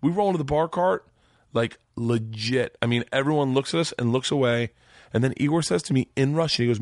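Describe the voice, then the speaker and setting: Man, 40s, podcast guest, swearing raconteur, lively voice, dry close sound. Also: brisk, no room sound. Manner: animated, profane, jumps high when quoting himself. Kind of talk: storytelling in casual chat.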